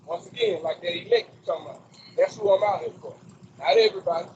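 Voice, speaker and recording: A man's voice: high voice, fast, a little mellow, lo-fi sound, slight background noise. A man preaching on the street in front of a store, emphatic and quoting scripture with rhetorical questions, recorded on a phone outdoors. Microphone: phone recording a video.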